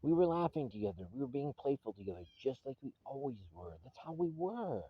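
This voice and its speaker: A man's voice: mid-range voice, sing-song, a little fast, husky, lo-fi sound. A man recording a personal video message to his estranged wife, earnest and pleading, often restarting his sentences.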